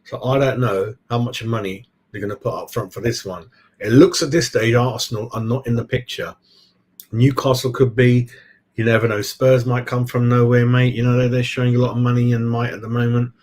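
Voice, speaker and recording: A man hosts a football fan channel in a casual live-stream chat, answering viewers as he goes. He's chatty, rambling from point to point and constantly saying "mate." His mid-range voice is a little fast, darkish in tone and fairly flat in pitch.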